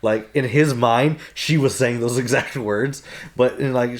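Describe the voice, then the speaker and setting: A young man co-hosting a casual podcast chat who laughs often and gets animated when quoting characters. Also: mid-range voice, unhurried. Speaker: podcast co-host.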